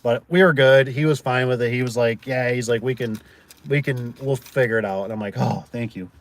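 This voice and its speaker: A door and gate business owner talks briskly in a mid-range voice during a rambling, casual livestream. His stories are full of fillers, and he performs the voices of the people he quotes.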